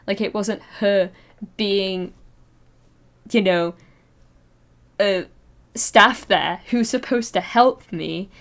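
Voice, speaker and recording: A young adult woman streamer telling a long personal story in casual chat, halting and full of fillers and nervous laughs, on a streaming microphone. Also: mid-range voice.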